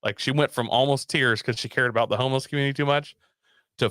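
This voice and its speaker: A man casually telling a story on a talk show, animated and profane, laughing often. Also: medium pitch, fast talker, no room sound, clean studio sound. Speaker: podcast guest telling a story.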